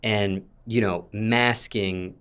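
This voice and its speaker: A man interviewing a guest, asking long, winding questions in a measured way. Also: fairly low pitch, steady tone, fairly bright tone, smooth.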